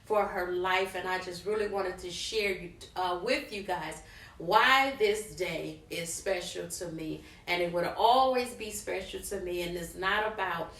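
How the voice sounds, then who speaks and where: A woman's voice: fairly low pitch, measured pace, slight background noise. Middle-aged woman telling a story in a roomy space. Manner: animated storyteller, talks straight to viewers as "guys". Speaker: vlogger. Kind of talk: personal story time. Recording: roomy, from a distance.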